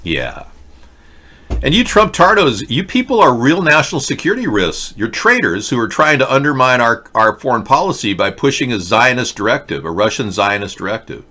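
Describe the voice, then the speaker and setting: A man's voice: mid-range voice, sing-song, normal speed, sharp tone. A man hosting a livestream political rant, sarcastic, mocking and rambling as he talks to his chat. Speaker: host.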